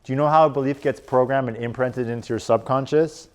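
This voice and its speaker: A man coaching a live audience in a casual, animated presentation. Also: medium pitch, quick pace. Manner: casual and animated, lots of "like" and "right?". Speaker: strength and performance coach. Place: conference room.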